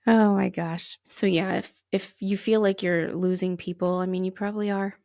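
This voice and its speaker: A woman co-hosting a casual spiritual podcast, talking in a reflective, gently reassuring way and laughing easily. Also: medium pitch, fairly even intonation, moderate pace. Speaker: podcast co-host.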